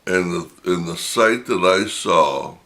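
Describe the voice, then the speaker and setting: A middle-aged man, slowly telling a personal anecdote in a casual, drawn-out way. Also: sits low, animated, a bit bright. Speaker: storyteller.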